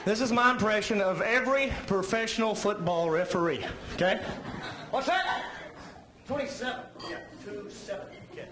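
A man telling an animated stand-up story on stage, acting out other people in big voices. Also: high voice, normal speed, long pauses, background noise. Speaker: stand-up comedian. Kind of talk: stand-up comedy set. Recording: live club recording, roomy, loud crowd. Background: audience laughter.

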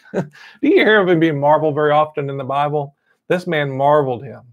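A pastor preaching a sermon, retelling a story and saying amen again and again. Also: male voice, on the high side, fairly quick, no echo, muffled recording. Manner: repeats amen often, storytelling.

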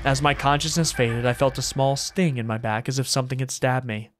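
A man streaming a horror game, reading its story aloud steadily with quick spoken reactions. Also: medium pitch, steady tone, a little hiss or hum. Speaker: gaming streamer.

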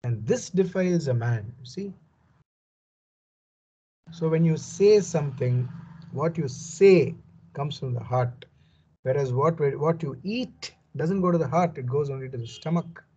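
A man's voice: fairly high pitch, a little slow, long pauses, mellow, husky, dull audio. A man giving a verse-by-verse Bible commentary, reading passages and explaining them earnestly and emphatically, often saying "you know". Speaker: Bible teacher.

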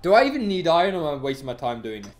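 A streamer giving excitable let's-play commentary, taunting enemies in the game. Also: mid-range voice, rapid-fire. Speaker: gaming streamer.

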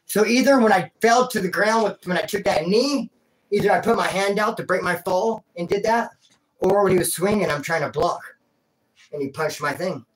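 A man's voice: high-pitched, moderate pace. A man telling a rambling personal story in a casual, slangy way, calling the listener dude and bro. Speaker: vlogger telling a prison and life story.

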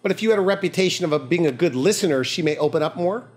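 A man's voice: on the high side, animated, very fast. A man hosting an interview, asking curious questions and prompting his guest for examples. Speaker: interview host. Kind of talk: conversational interview.

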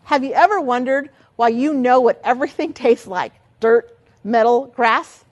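An older woman giving a lively teaching talk as a children's ministry trainer, asking many rhetorical questions. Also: high voice, brisk.

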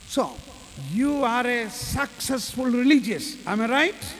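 Slow, high-pitched, gravelly preacher man. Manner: slow, storytelling, leads the group in prayer and hallelujahs. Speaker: preacher leading a workshop. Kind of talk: sermon with storytelling and prayer. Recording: reverberant hall with faint mains hum.

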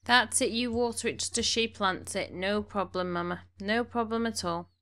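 Playing at home, she keeps up a moderate pace in a medium-pitched, slightly bright voice. Her commentary is casual and chatty, and she bosses her game characters around despite being a little snuffly from allergies.

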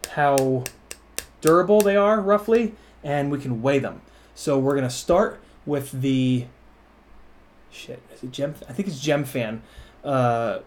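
A man hosting a drone channel, reviewing gear casually at a workbench, rambling and correcting himself, with a bit of swearing. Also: a little high. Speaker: FPV drone channel host.

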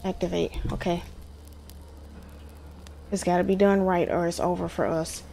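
A woman's voice: fairly low pitch, steady tone, moderate pace, vocal fry, mellow, a little hiss or hum. A woman commentating her own horror game playthrough, jumpy and exclaiming, talking to herself and her viewers. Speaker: gamer. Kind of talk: horror let's play commentary.

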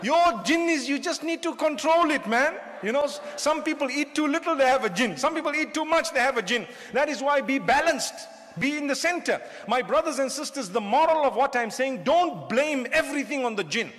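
A man's voice: very high voice, animated, a little fast, hardly any pauses, a bit bright. A man preaching a humorous sermon to a crowd, often asking them questions. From southern Africa. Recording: long hall reverb.

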